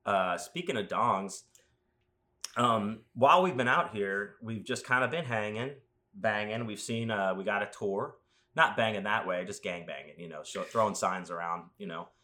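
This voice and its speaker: A man with a somewhat low voice hosts a casual podcast. He rambles through anecdotes, tossing in crude jokes and animated asides. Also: normal speed. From Las Vegas. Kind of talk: casual chat.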